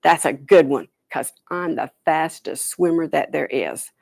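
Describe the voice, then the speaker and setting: A woman's voice: low-pitched, unhurried, gravelly, darkish tone, no room sound, full character voice. Pushy storybook beaver, male, proud, voiced by a woman, close and dry. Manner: proud, threatening.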